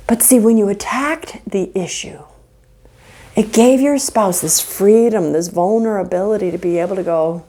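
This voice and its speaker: A woman teaching about marriage from a faith angle, earnest and animated, often acting out example conversations. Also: medium pitch, moderate pace. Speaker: marriage counselor. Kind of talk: faith-based relationship teaching.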